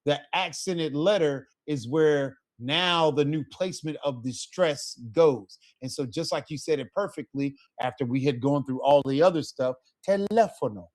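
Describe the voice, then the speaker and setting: A man teaching a language class, explaining patiently and checking in with his students often. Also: medium pitch. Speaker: Spanish teacher. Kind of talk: online class lesson.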